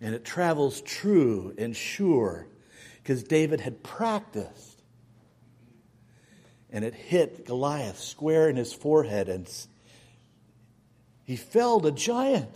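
A male preacher telling a Bible story in a sermon, with dramatic storytelling and big swings in loudness. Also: mid-range voice, big pitch swings, slow pace, pauses often, slightly rough.

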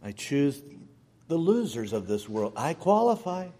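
A man voicing God as a calm, patient deity, speaking softly and gently within his sermon. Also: fairly high pitch, unhurried, a little hiss or hum, pitched below the performer's own voice. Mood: gentle. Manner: hushed, soft and tender.

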